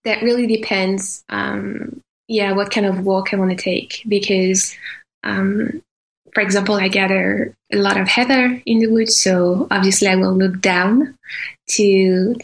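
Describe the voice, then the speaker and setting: A woman co-hosting a podcast in casual conversation, speaking slowly and thoughtfully with pauses and fillers. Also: medium pitch, fairly even intonation, creaky, low-quality recording. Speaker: podcast co-host.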